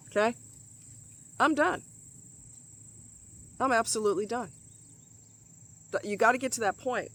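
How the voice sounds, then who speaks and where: A woman's voice: on the high side, a little slow, long pauses, a bit bright. A middle-aged woman vlogging outdoors, venting bluntly with heavy swearing and emphatic repetition. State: sweating in the heat. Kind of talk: outdoor vlog rant. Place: outdoors in hot muggy nature.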